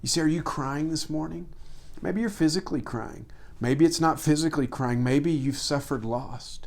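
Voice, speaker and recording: A pastor preaching a sermon with earnest, emphatic repetition, rising for stress and dropping to hushed tones. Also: male voice, a little high, normal speed, vocal fry.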